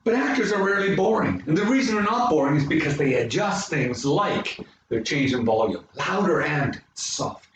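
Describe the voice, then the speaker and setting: A Canadian man coaching public speaking, talking dramatically and swooping widely in pitch. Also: lively intonation, brisk, few pauses, a little hiss or hum. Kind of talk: presentation to an audience. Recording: very echoey room, mic far off.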